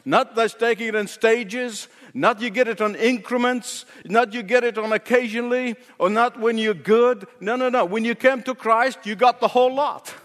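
A man's voice: extremely high pitch, fairly even intonation, moderate pace, hardly any pauses, a bit bright, long reverb tail. A male pastor preaching a sermon with an emphatic, repetitive cadence.

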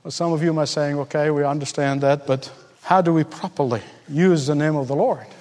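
High-voiced preacher in a big echoing hall. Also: male voice, brisk. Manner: impassioned, swings from loud and high to hushed. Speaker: pastor. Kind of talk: sermon.

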